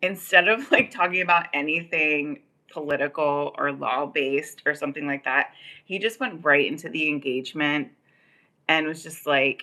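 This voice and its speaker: A woman with a low, animated voice talks at a normal speed, her tone pushed and bright. She's hosting a casual livestream from the Los Angeles area, rambling through a long personal story packed with fillers like "like" and "um."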